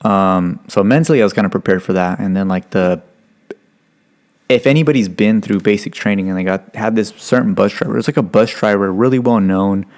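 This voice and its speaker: Gravelly low-voiced man telling stories. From Stockton, California, USA. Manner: loose, profane, full of "like" and "you know"; acts out quotes in lively voices. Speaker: guest. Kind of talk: casual podcast storytelling.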